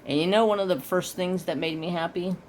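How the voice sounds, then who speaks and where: A man's voice: brisk, a little mellow, a little hiss or hum. A man hosting a craft video, rambling with hesitations and restarts, chatting casually at home. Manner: baby-talks high-pitched to his dog. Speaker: craft channel host.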